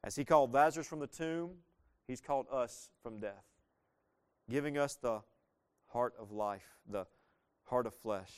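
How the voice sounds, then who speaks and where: A man's voice: medium pitch, unhurried, long pauses, clear, resonant tone. Pastor, male, mid-range voice, earnest sermon delivery, rhetorical questions, emphatic repetition.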